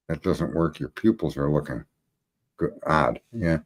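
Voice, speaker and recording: A man hosting a podcast, telling long stories in casual chat. He swears freely and rambles, and his voice climbs high when he gets indignant. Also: expressive, measured pace, slightly rough. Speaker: podcast host.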